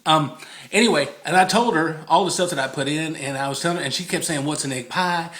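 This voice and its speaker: A man's voice: a little high, fast, fairly bright tone, slight background noise. A man chatting casually through a home cooking video, rambling, easily distracted and laughing often, repeating the recipe in a sing-song.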